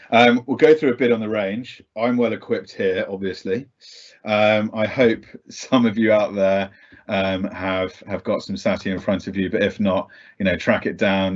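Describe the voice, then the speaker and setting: Low-voiced man chatting on a video call. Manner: chatty and self-deprecating, many ums. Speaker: guest speaker for a cider brand. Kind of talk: casual presentation on a video call. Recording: dull lo-fi video call audio.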